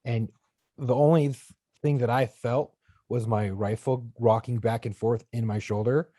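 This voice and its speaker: A man co-hosting a podcast, telling a personal story in a relaxed, plainspoken way. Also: mid-range voice, measured pace, dry recording, studio quality. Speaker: podcast co-host. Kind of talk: casual podcast chat.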